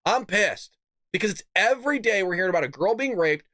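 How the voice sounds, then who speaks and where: Angry man ranting, high voice. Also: animated, a little fast, bright, forceful tone, no room sound. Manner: mocking put-on voices for quoted opponents. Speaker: podcast host. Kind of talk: political rant.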